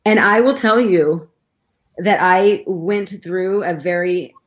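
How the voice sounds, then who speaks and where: A woman's voice: on the low side, slow pace. A middle-aged woman, a guest in a conversation, telling a personal story with emotion and many restarts.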